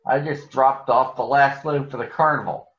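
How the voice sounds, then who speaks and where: A man voicing a friendly, eager little steam engine in a storybook reading, sounding brisk. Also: medium pitch, fairly even intonation, fairly bright tone, lightly acted. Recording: echoey, muffled room recording.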